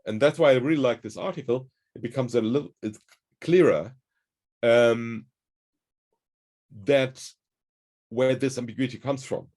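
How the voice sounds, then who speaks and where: A man's voice: mid-range voice, unhurried, pauses often, a little mellow. A man hosting a conversation, explaining ideas in a thoughtful, searching way. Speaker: host. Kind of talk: conversational discussion.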